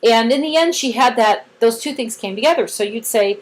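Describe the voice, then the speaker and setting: Animated woman explaining with acted-out quotes. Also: fairly high pitch, brisk, poor audio. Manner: animated storyteller acting out quotes, many "like" fillers; cheerful voiced praise bursts. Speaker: therapy trainer. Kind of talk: casual training talk.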